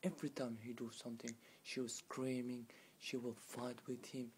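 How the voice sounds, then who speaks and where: A man casually retelling a folk tale in broken, non-native English, halting with restarts and filler phrases. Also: medium pitch, flat delivery, slight background noise. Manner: halting, with many restarts and "you know" fillers. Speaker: storyteller.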